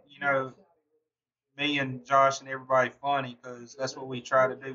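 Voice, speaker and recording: A man's voice: mid-range voice, monotone, normal speed, bright, forceful tone. A man hosting a casual livestream, chatting loosely with viewers and answering their comments, full of fillers. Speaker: livestream host. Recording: dull lo-fi stream audio.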